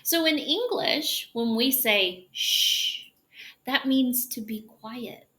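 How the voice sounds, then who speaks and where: Slow, bright-voiced woman teaching pronunciation. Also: a little high, animated. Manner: demonstrates sounds slowly, with drawn-out hushing. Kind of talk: pronunciation lesson.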